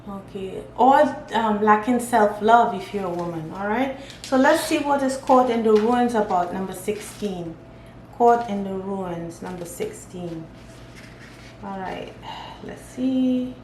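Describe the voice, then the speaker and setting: A woman's voice: mid-range voice, measured pace, darkish tone. Woman musing over a tarot spread. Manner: thinking aloud, reading card meanings. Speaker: tarot reader. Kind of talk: casual tarot reading. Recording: echoey room, faint ambient noise.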